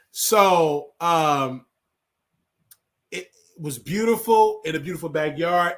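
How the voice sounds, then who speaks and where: A man's voice: a little high, slow pace. A man hosting his own show, chatting casually to his viewers, repeating phrases and calling them y'all. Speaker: show host. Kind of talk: casual solo chat to viewers.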